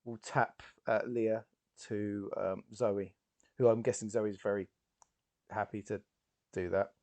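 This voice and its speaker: Slow, hesitant man playing a tabletop game. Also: on the low side, little pitch movement, a little mellow. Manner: hesitant, halting, many ums. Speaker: player.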